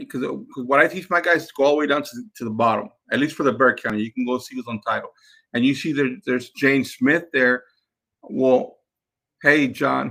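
A man talks listeners through his method as a podcast host. His voice is gravelly and bright, and his delivery is emphatic, with frequent restarts and repeated phrases. He keeps calling the listeners guys. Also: mid-range voice. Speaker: podcast host and sales trainer. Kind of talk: instructional talk.

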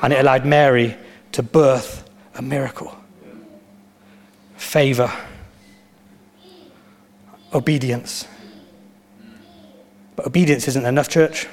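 A man preaching a sermon as pastor, with animated storytelling and emphatic repetition. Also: medium pitch, slow, pauses often.

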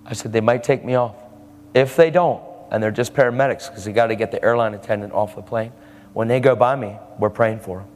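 A man's voice: lowish voice, a little fast, darkish tone, long reverb tail. A man preaching a sermon, telling a story and acting out the lines of the people in it.

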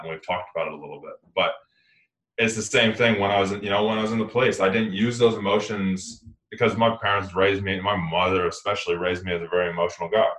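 Deep-voiced man in an echoey room. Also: a bit bright. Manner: earnest, rambling, self-correcting. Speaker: podcast co-host. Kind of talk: casual podcast conversation.

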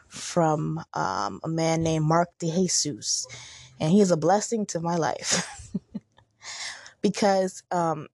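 A woman hosting a motivational podcast, talking in a casual, upbeat and chatty way with lively jumps in her voice. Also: low voice, no room sound, clean studio sound. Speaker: podcast host.

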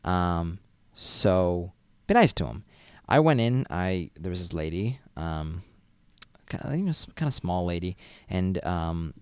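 Young guy rambling through campus stories, lots of ums, low voice that swings up and down a lot, dry close sound. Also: very animated, unhurried, darkish tone, smooth, dry recording. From Massachusetts. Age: young adult. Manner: rambling, chatty, many fillers and restarts. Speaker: college student vlogger. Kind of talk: casual storytelling vlog.

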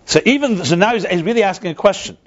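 A man's voice: high-pitched, expressive, fast talker. A man teaching a text-study class, thinking aloud with frequent restarts and answering his own questions. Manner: explanatory, asks and answers himself. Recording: dull lo-fi recording.

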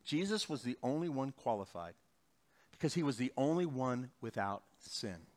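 A middle-aged male pastor preaching a sermon, swinging between loud emphatic bursts and quiet, slow passages. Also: mid-range voice, expressive.

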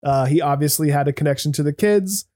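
A man's voice: fairly high pitch, fast talker, darkish tone, no echo, clean studio sound. A man co-hosting a casual movie discussion, laid-back and wry, laughing often at his partner's rants.

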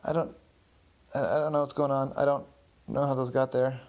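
A man voicing a panicky young suspect who stammers through high, frantic denials. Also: big pitch swings, a little fast, vocal fry, a little mellow, husky, full character voice. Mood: flustered.

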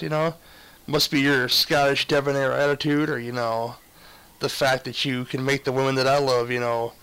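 A man records a rambling, joking voice message for a friend. His voice is bright and forward, at a middle pitch. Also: low-quality recording. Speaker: fellow podcaster leaving a voice message.

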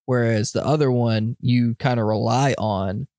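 A man co-hosting a film podcast, talking in relaxed casual chat with hesitant, short replies. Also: mid-range voice, measured pace, no echo, studio quality. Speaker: podcast co-host.

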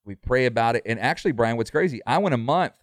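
A man's voice: mid-range voice, expressive, quick pace, no echo, studio quality. A middle-aged man, a pastor, talking earnestly in a casual podcast conversation, full of fillers and restarts.

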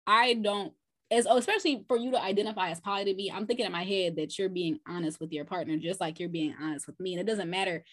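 A woman guest on a podcast, telling a personal story in an animated, profane, casual way with lots of restarts. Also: mid-range voice, quick pace.

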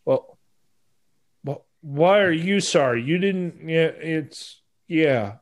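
A man with a somewhat higher voice argues his point in relaxed podcast talk. He works his thoughts out as he speaks and often restarts his sentences. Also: slow. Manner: opinionated, thinks aloud, restarts. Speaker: podcast co-host. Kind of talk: casual chat.

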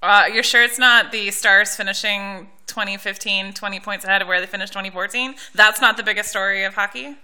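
A woman's voice: mid-range voice, brisk, hardly any pauses, clear, resonant tone. A woman co-hosting a casual podcast, chatting and telling stories with lots of laughter and acted-out lines. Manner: lively storyteller who acts out others' lines and laughs often. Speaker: podcast co-host. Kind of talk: casual chat.

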